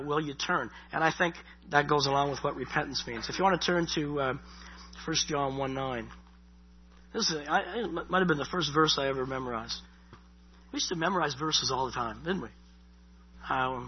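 A man's voice: a little high, muffled recording, a little hiss or hum. A man preaching a sermon in a conversational way, restarting and repeating his words. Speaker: pastor.

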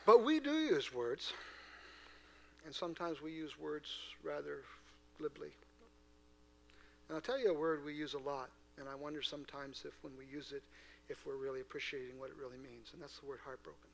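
Male pastor, raised pitch, bright tone, earnest sermon in church with big swings in loudness. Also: fairly quick, creaky. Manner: earnest, swings from hushed asides to loud emphatic preaching; asks the congregation rhetorical questions. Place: church before a congregation.

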